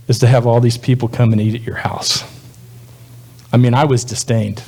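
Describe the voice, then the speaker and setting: A man's voice: medium pitch, fairly even intonation, moderate pace, pauses often, a little mellow. A male pastor delivering a sermon in a conversational, folksy preaching manner.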